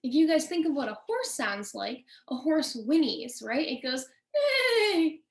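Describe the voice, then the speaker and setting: A woman nature educator giving a children's lesson, talking slowly and in a friendly way to the kids. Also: sits high, lively intonation, creaky, a little mellow. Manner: friendly, slow, addressing kids directly.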